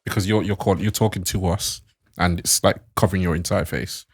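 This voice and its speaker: A man's voice: sits low, steady tone, brisk, slightly rough, no echo, clean studio sound. A man co-hosting a casual podcast chat, matter-of-fact and practical. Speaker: podcast co-host.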